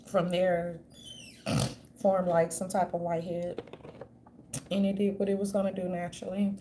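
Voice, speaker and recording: A woman's voice: mid-range voice, dark tone, slight background noise. Slangy, chatty woman doing livestream commentary. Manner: slangy, chatty, laughs often, calls viewers darlings and y'all. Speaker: YouTube commentator. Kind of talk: livestream commentary talking to chat.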